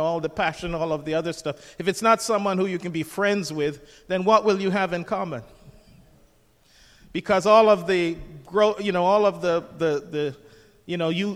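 A man's voice: high-pitched, big-room sound. An older man preaching a sermon as pastor, jovial and conversational, asking the congregation questions.

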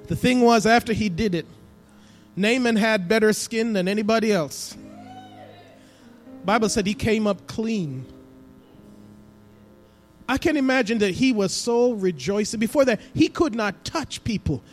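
Male pastor, high-pitched, church sermon with dramatic hushes and swells, faint music behind. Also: animated, unhurried, pauses often. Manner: preaching with swings between hushed and emphatic delivery. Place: church sanctuary.

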